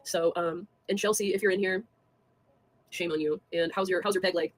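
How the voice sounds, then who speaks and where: A young woman on a casual livestream, talking fast with lots of fillers, scornful and laughing between jabs at people. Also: fairly low pitch, fairly even intonation, background noise.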